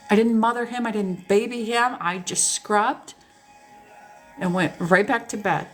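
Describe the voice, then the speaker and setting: A woman tells personal stories to her live viewers in a candid, animated way, and she swears freely. Her pitch sits in a typical middle range. Faint music plays quietly behind her. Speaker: host. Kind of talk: casual storytelling chat to a live audience.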